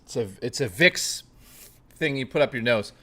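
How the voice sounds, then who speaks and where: A man's voice: medium pitch, expressive, normal speed, sharp tone, slight background noise. A man hosting a casual chat stream, rambling and joking with plenty of swearing, greeting chat readers by name. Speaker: livestream host.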